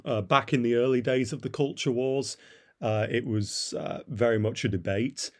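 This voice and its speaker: A man's voice: mid-range voice, steady tone, normal speed, a little mellow. A man giving a blunt, derisive opinion monologue as a commentator, with frequent "uh" fillers. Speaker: political commentator.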